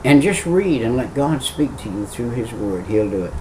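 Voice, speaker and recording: A man's voice: mid-range voice, big pitch swings, moderate pace, background noise. Emphatic man preaching from a distance. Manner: earnest, emphatic repetition. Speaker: evangelist preacher. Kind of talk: video sermon.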